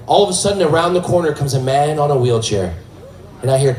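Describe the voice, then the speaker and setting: Lively high-voiced male stand-up comedian. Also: fast, slight background noise. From United States. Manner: lively storytelling that switches into character voices. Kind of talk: stand-up storytelling. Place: comedy stage. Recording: roomy stage sound from a distance.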